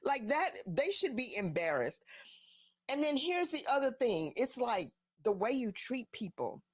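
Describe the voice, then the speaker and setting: Animated woman host, dry sound. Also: fairly high pitch, unhurried, husky, no room sound. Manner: animated, incredulous rhetorical questions. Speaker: live show host. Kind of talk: casual commentary.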